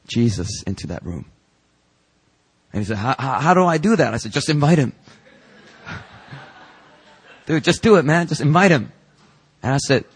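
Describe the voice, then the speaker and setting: A man, a pastor, telling a story in a sermon and acting out its dialogue with lively emphasis. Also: mid-range voice, slightly rough. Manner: animated, acts out the dialogue in his story. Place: church sanctuary.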